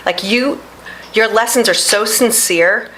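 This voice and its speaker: A woman co-hosting a talk show, reflecting back on her guest's words in a warm, affirming way. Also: mid-range voice, a little slow, slight background noise, low-quality recording. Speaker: co-host. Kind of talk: radio talk show chat.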